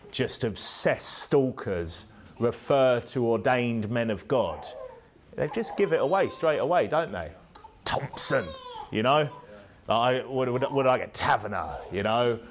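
A man's voice: medium pitch, slight background noise. Preacher man asking tag questions. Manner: rhetorical tag questions, rising to emphatic peaks. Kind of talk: sermon.

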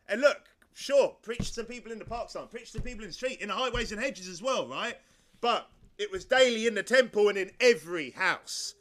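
A man's voice: high voice, a bit bright. A male pastor preaching a sermon, emphatic and driving, who repeats his points and fires off rhetorical questions.

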